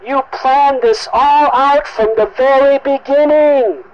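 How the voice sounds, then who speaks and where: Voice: high-pitched, normal speed, muffled recording, voice pushed up, natural voice. A storyteller voicing an eager, insistent young princess who pleads and demands. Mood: furious. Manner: eager, insistent, turning to angry accusation.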